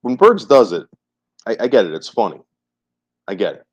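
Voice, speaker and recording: A man's voice: fairly low pitch, wildly swooping pitch, moderate pace, breathy edge. A man chatting on a livestream, repeating his phrases emphatically and swearing freely. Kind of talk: casual livestream chat. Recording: muffled lo-fi livestream audio.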